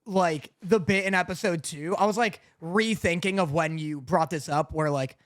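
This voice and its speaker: A man's voice: on the high side, normal speed, a bit bright, no room sound, studio quality. A man co-hosting a podcast in casual chat, giggly and easygoing. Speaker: podcast co-host.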